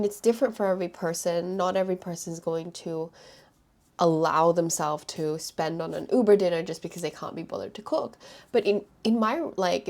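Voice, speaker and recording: A woman hosting a solo podcast, talking in a chatty, reflective way with many "like" fillers. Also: on the low side. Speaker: podcast host.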